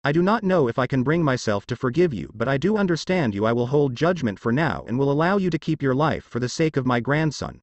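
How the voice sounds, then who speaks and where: A man's voice: medium pitch, expressive, fast talker, few pauses, dry recording, highs cut off, natural voice. A man voicing a grieving old werewolf grandfather who speaks somberly, in a dry recording. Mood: grave. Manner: somber, sad.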